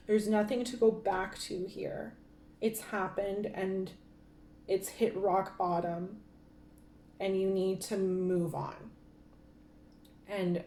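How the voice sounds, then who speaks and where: A woman's voice: mid-range voice, dark tone, roomy sound, a little hiss or hum. A woman giving a casual tarot card reading, talking in a rambling way with many fillers and restarts. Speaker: tarot reader.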